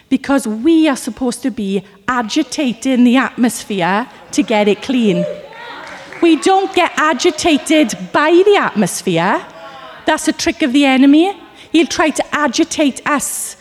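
A woman from Wales delivers a sermon with a slightly high voice that rings out into a large hall. She tells personal stories and acts out little voices as she goes. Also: unhurried. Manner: animated storytelling with acted asides. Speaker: preacher.

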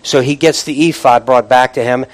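A man preaching a sermon, emphatic and repetitive, often dropping to a low, quiet voice and calling out questions to the congregation. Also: fairly even intonation, normal speed, slight background noise, poor audio.

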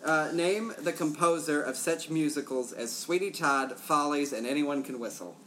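A man acting as quiz master in a relaxed game among friends. He explains answers haltingly, full of "uh" and "um". He sits some way from the mic, with steady noise behind him. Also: a little high. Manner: hesitant, filler-heavy explaining. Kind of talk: casual hosted quiz chat. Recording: distant mic with background noise.

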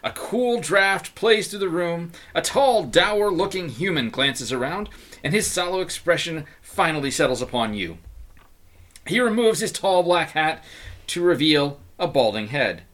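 A man's voice: on the high side, lively intonation, unhurried, a bit bright. A man running a tabletop game as game master, narrating with many fillers and frequent laughter. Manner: laughs often, lots of fillers.

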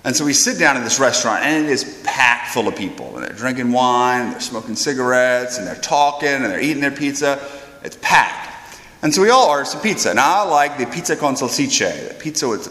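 A man, a priest, telling a funny anecdote with animated, self-deprecating energy and stumbling repeats, in an echoey hall. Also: medium pitch, brisk. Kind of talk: storytelling anecdote.

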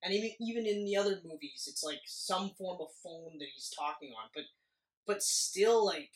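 A male podcast co-host with a high-pitched, lively voice chats jokingly and casually about a movie, rambling and laughing often. The room is echoey.

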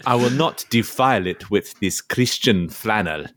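A man's voice: fairly low pitch, animated, a little slow, fairly bright tone, no room sound. A man voicing a proud Viking warrior who declaims in pompous, mock-heroic speech, improvised for comedy. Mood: haughty. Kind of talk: comedic improvised voice acting on a podcast.

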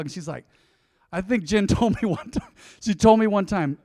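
A middle-aged man preaching in a church, his fairly high voice swelling to loud emphasis and then dropping to near whispers. He talks to the congregation in a folksy, direct way. Long reverb trails off each phrase in the big sanctuary. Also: fairly quick, creaky. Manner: animated, swings between loud emphasis and quiet intensity. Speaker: pastor. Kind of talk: sermon.

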